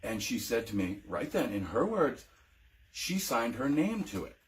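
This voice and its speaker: A man's voice: medium pitch, big pitch swings, a little slow. Emotional, hesitant veteran man. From United States. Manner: emotional, hesitant, many ums and restarts. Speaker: veteran telling his own story. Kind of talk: personal testimony vlog.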